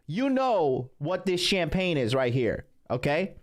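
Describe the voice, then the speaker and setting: A man's voice: high voice, animated, moderate pace, hardly any pauses. A man hosting his own stream as a dating coach, ranting in a profane, boastful, rambling way. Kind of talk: ranting livestream monologue.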